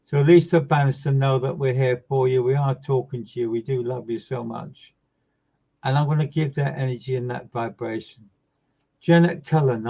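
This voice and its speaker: A man working as a medium, giving live online readings in a soft, soothing, repetitive way that often trails off quietly. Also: medium pitch, gravelly, poor audio.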